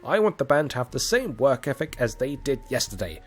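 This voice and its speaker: A man's voice: mid-range voice, sing-song, fairly quick, close to an everyday voice. A man voicing a stern adult male band director who lectures his student leaders in a firm tone.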